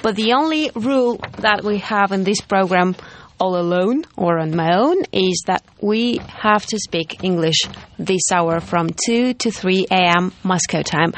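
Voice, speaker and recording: A woman radio host with a Russian accent, interviewing in English with halting restarts and easy laughs. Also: mid-range voice. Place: radio studio. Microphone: studio microphone.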